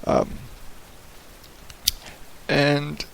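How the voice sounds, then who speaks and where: A man's voice: fairly high pitch, completely flat delivery, very slow, creaky, a little hiss or hum. A man hosting his own podcast in a casual, rambling and profane way, speaking in a radio-style voice into a headset mic in a small echoey home office with hardwood floors. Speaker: podcast host. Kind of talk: casual solo podcast monologue. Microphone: headset microphone.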